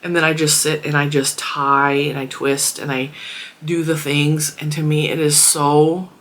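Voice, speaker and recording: Congested, chatty woman with a bright voice. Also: sits low, little pitch movement, measured pace. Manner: chatty, rambling, laughs often. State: congested and a little wheezy. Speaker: crafting vlogger. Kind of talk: casual product review chat. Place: small closed room at home.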